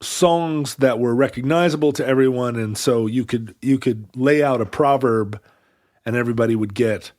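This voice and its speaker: A man's voice: mid-range voice, moderate pace, darkish tone, no echo. A man with a mid-range voice co-hosts a podcast, tossing in dry, joking remarks. His voice is close to the mic, with a dry sound. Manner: wry, jokey interjections. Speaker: podcast co-host. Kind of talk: casual chat.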